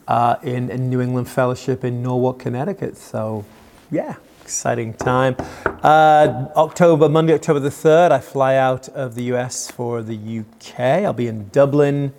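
A man who is a pastor and worship leader, a little tired, giving a relaxed, conversational devotional talk. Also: medium pitch, gravelly. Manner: relaxed, conversational, retells movie scenes with acted quotes. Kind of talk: casual spoken devotional.

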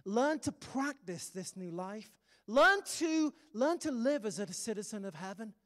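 A man's voice: sits high, sing-song, a little slow, a bit bright. A British man preaching a sermon, emphatic and humorous, with sudden punchy exclamations. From Britain. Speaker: pastor. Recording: long hall reverb.

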